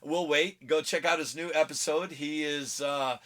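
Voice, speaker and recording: A man's voice: a little high, steady tone, moderate pace, a bit bright. Rambling, self-mocking male vlog host. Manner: rambling, easily sidetracked, laughs at himself. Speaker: comic book vlog host. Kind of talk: casual rambling vlog talk. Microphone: phone camera.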